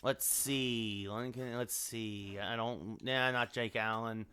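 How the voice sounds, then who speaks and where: A man's voice: mid-range voice, steady tone, takes it slowly, pushed and bright, clean tone. A man streaming a hockey game late at night, rambling and thinking aloud as he scrolls through players and chats with his viewers. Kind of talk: live game-stream commentary.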